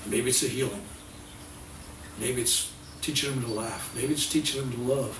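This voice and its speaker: Animated older man lecturing in a roomy hall. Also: medium pitch, normal speed, noisy background. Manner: animated storytelling, acting out dialogue. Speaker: workshop speaker. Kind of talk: spiritual workshop lecture. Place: workshop room. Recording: roomy sound from a distant mic.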